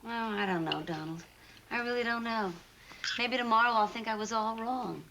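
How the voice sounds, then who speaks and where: An actress playing an earnest, stammering young actress in a 1960s sitcom. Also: female voice, a little high, normal speed, gravelly, noisy background. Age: young adult.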